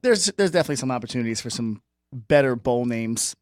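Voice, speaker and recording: A man co-hosting a sports talk show, chatty and quick to laugh. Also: mid-range voice, animated, no room sound. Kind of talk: casual sports banter.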